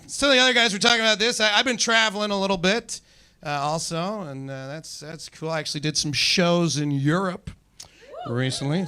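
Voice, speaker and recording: Man, stand-up comedian, rambling, self-deprecating, bright tone, slightly high voice, stage mic. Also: a little hiss or hum. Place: comedy club stage with laughing audience.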